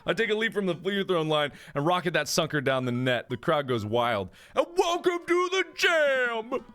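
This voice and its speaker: A man's voice: on the high side, brisk, a bit bright, clean tone. A man in his twenties hosting a let's play, reading game text aloud in a goofy, playful way and breaking into silly voices. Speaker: gaming video host.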